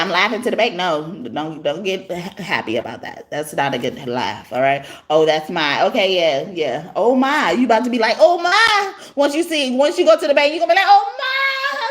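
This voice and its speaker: A woman, hosting a casual livestream reading. She talks in a brash, profane way, laughing often and breaking into song. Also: mid-range voice. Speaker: tarot reader on a livestream.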